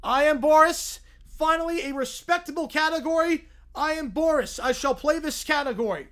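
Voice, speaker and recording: A man reading a fan script aloud and voicing a stiff, stern cartoon father who speaks formally and loudly. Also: very high-pitched, moderate pace, voice pushed up. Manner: stiff, formal, announcing himself.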